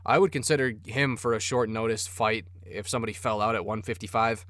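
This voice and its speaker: A man's voice: lowish voice, steady tone, a little fast, a bit bright, no room sound, clean studio sound. A man hosting a sports podcast, rambling casually and cursing freely. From Minnesota. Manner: profane, rambling, enthusiastic. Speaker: podcast host.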